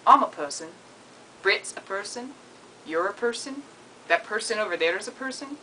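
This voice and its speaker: A young woman voicing an earnest young man giving a speech in a clumsy, put-on New Zealand accent, soft and hushed. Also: medium pitch, expressive, moderate pace, a little hiss or hum, poor audio. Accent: put-on, failed New Zealand.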